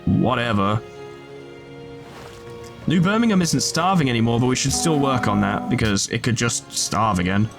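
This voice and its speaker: A man's voice: mid-range voice, lively intonation, moderate pace, vocal fry, long pauses, over music. A man casually commentating his strategy game playthrough, joking, swearing, and chatting to his units. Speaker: gaming video host. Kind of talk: casual let's play commentary.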